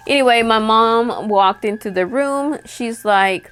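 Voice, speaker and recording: A woman's voice: mid-range voice, a little slow, few pauses, a bit bright. A woman telling a personal ghost story in a casual storytime vlog, chatty and full of "like", with faint music underneath. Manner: chatty, peppered with "like" and acted-out quotes. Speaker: storytime vlogger.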